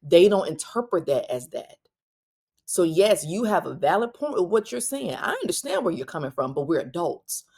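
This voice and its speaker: A woman hosting a solo parenting podcast, talking directly and bluntly to listeners, with quick asides and restarts. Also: on the low side, very animated, vocal fry, darkish tone, husky. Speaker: podcast host.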